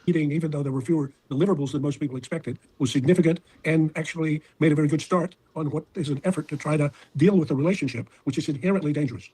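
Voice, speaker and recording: A man, a professor, answering interview questions with measured, analytical explanations. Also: on the high side, warm tone, breathy edge. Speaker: professor and foreign-policy expert.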